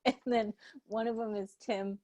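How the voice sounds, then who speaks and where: A woman's voice: on the high side, flat delivery, moderate pace, mellow. A young woman co-hosting a podcast, telling stories in casual chat, profane and exasperated. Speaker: podcast co-host.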